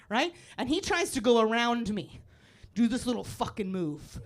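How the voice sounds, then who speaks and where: Brash, lively woman doing stand-up. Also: on the high side, normal speed. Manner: brash, profane, shouting bursts and frequent laughter. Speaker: stand-up comedian. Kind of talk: live stand-up set. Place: comedy club stage before a live audience.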